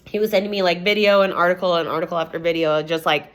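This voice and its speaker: A woman's voice: fairly low pitch, fairly even intonation, fast talker. A young woman vlogger telling a personal story in a rambling, casual way, swearing often and saying "like" a lot.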